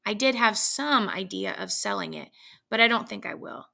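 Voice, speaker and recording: A grave old soldier warns with slow, stubborn solemnity, as a woman reads him aloud. The voice is heavily gravelly yet bright and forceful. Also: medium pitch, lively intonation, exaggerated voice.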